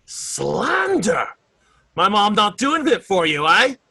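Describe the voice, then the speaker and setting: A man playing a loud jeering Roman soldier. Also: sing-song, slow pace, creaky, breathy edge, full character voice. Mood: mocking. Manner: mocking, exaggerated swings of pitch. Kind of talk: audio drama acting.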